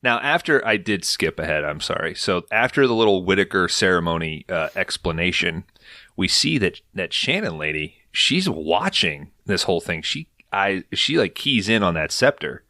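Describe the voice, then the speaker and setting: Deep, animated man recapping a show. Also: normal speed, no room sound, studio quality. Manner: animated storytelling with frequent swearing. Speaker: podcast host recapping an episode. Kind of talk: casual chat.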